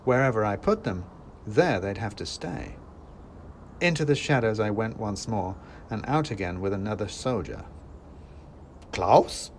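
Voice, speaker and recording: A man's voice: lowish voice, moderate pace, slight background noise. A man narrating a scripted first-person story in a dry, wry manner. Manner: dry and wry, with lively acted quotes.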